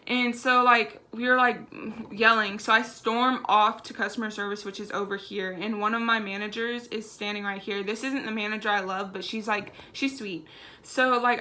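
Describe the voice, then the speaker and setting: Chatty young woman, bright voice. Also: a little high, moderate pace. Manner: chatty and animated, heavy use of "like". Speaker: vlogger. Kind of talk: casual storytime vlog.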